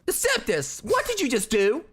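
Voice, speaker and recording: A man playing a horror game on a livestream, animated, exclaiming and teasing his friend. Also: extremely high pitch, normal speed, breathy edge. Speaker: livestream gamer. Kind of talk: casual gaming chat. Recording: faint game music behind the voice.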